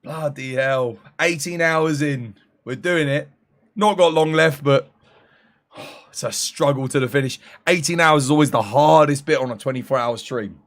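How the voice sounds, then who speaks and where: After eighteen hours live, a man's mid-range voice is giving out as he talks casually with his audience. Weary and slow, he jokes around and calls out thanks to viewers by name.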